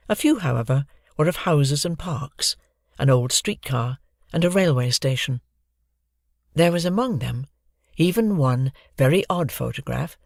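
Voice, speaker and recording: Audiobook narrator, lively animated reading, slight gravel, dry close mic. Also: mid-range voice, no echo. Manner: lively, expressive storytelling. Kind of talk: scripted narration of a children's novel.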